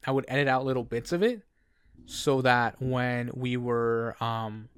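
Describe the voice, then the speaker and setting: Give me a young man from Canada chatting on a podcast, mid-pitched, dry and close. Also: measured pace, a bit bright, smooth, no echo. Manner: rambling storyteller, many restarts, laughs often. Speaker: podcast co-host. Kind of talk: casual chat.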